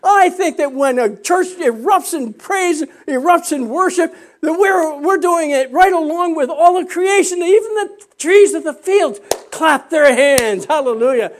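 An older man preaching a sermon as pastor, fervent and rising to shouts, with restarts and self-mocking laughs. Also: extremely high pitch, lively intonation, unhurried, few pauses.

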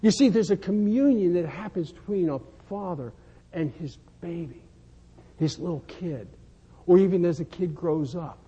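A man's voice: sits high, animated, normal speed, mellow, breathy edge. A man preaching a sermon, telling folksy stories and repeating words as he builds to fervent emphasis. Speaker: pastor. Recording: dull sound, long hall reverb.

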